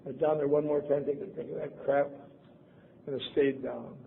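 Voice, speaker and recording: Older man, seventies, from Wisconsin, wry self-mocking storyteller, slightly high voice, tinny lo-fi tape. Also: flat delivery, a little fast, vocal fry. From Wisconsin, USA. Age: 70s. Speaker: convention speaker. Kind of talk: personal storytelling talk. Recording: lo-fi tape, phone-like, faint hiss.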